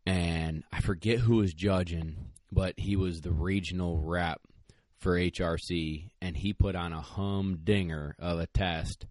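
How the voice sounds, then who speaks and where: A man with a very low voice hosts a relaxed conversation. He tells stories with easy laughter, recorded dry and close to the mic. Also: unhurried, no room sound. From northern United States. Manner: storytelling, laughs as he talks. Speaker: podcast host. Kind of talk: casual chat.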